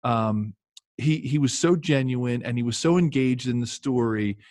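Rambling former pro football player, dry sound. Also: male voice, mid-range voice, a little slow, darkish tone, no room sound. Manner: rambling, lots of fillers and restarts. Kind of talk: casual storytelling.

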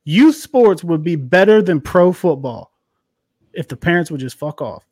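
A man in his thirties riffs on the week's games with a teasing, loose, swear-happy ease. His voice sits a little high and sounds close and dry, with no room around it. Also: lively intonation, normal speed, a little mellow, dry recording. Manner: joking, teasing, swears freely. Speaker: podcast co-host. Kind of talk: casual sports chat.

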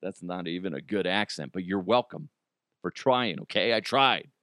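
A man's voice: low-pitched, expressive, normal speed, bright, forceful tone, dry recording, clean studio sound. A man hosting a casual comedic news podcast, joking, laughing often and slipping into goofy voices. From United States. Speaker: podcast host.

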